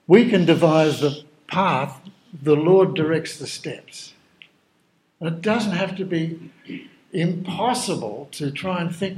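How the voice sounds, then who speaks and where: Male preacher, slightly high voice, tells stories from the pulpit and voices the people in them. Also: slow, darkish tone, low-quality recording. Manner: conversational storytelling, acting out dialogue. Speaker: pastor. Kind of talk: sermon.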